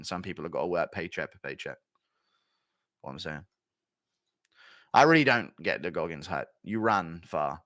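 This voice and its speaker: A man in a loose, profane commentary rant, his pitch swinging widely as he mocks and jokes. His voice is bright and forceful. The sound is dry and close, with no room. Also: dry recording. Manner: profane, mocking, laughs often at his own jokes. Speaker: MMA commentator and streamer.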